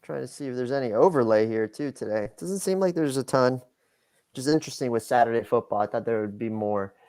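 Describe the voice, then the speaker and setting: Male co-host, mid pitch, loose and chatty picks analyst. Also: quick pace, a little mellow. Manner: loose, rambling, with fillers and laughs. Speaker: co-host, sports betting analyst. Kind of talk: casual livestream analysis.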